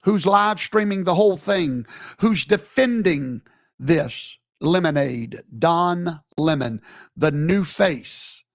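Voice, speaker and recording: A man delivering fiery commentary like a sermon. His voice sits high and has a gravelly edge, and it swoops up and down as he fires off rhetorical questions. The sound is dry and close, with no room echo. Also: expressive, slow. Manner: emphatic, rhetorical questions, sweeping pitch jumps. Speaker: host. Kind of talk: animated preaching-style commentary.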